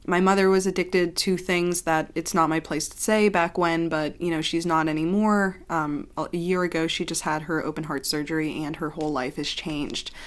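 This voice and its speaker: Rambling, expressive low-voiced woman vlogger. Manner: rambling, heavy use of "like", swears casually; expressive, jumps between laughing and subdued. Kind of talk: casual confessional chat to camera.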